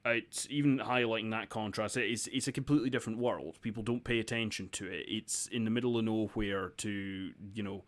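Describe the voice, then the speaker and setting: Low-voiced Scottish man reviewing films. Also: steady tone, brisk, few pauses. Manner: hesitant, many restarts and ums, wry. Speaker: film critic, co-producer. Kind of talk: casual film review chat.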